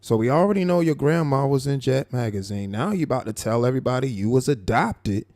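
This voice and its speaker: A man hosting a live stream, commenting on a clip in a mocking, animated way. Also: mid-range voice, no room sound. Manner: mocking, animated, drawn-out asides. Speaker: live show host.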